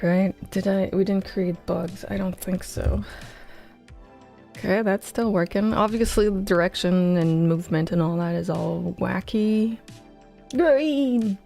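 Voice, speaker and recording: With a dark tone, some vocal fry, and a mid-range voice at a measured pace, a game dev streamer chats casually during a livestream of her coding. She's close on a headset mic, sounds tired, and talks in a scattered, self-mocking way over soft background music.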